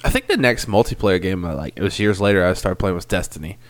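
A man in his thirties co-hosting a podcast in casual chat, animated and given to bursts of loud mocking impressions. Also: deep voice, quick pace. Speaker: podcast co-host.

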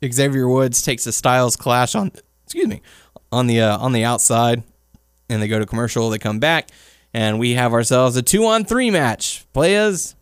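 A man co-hosting a relaxed chat, walking through the recap. His pitch swings widely as he talks. The sound is dry and close. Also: normal speed, clear, resonant tone, no echo. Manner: animated recapper who acts out quotes. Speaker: podcast co-host. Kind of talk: casual chat, recapping a show.

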